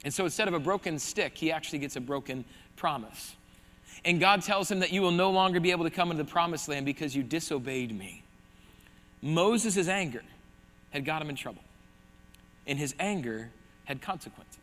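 High, bright-voiced preacher in a hall. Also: male voice, fairly quick, long pauses. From South Dakota. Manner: animated preaching, swinging from hushed emphasis to loud bursts. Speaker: pastor. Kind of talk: sermon. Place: church hall. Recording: long reverb of a large hall.

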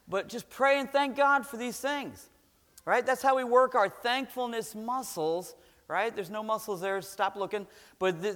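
A man's voice: high-pitched, a bit bright. A middle-aged man from Florida preaching a sermon in a chatty, conversational way, often checking in with the congregation. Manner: conversational, keeps checking in with "right?". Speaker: pastor. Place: church sanctuary. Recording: long reverb of a large church hall.

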